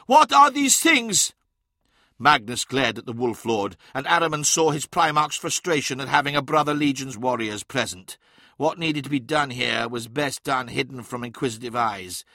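A man reading an audiobook in a measured, dramatic way. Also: mid-range voice, pushed and bright, no room sound, studio quality. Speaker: narrator. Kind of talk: scripted audiobook narration.

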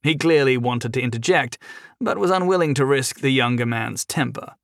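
A man reading fantasy fiction aloud as audiobook narrator, in an even, measured way. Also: medium pitch, creaky, no room sound, clean studio sound.

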